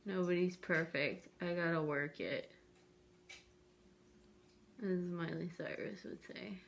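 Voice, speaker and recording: A woman's voice: on the low side, slow pace, creaky, a little hiss or hum. A woman vlogger chatting casually to viewers while doing her makeup, rambling and self-deprecating.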